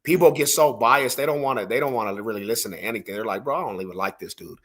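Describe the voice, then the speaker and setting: A man's voice: medium pitch, fast. A man from Denver telling street stories in a casual podcast chat, slangy and rambling, full of "bro" and "homie". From Denver, Colorado.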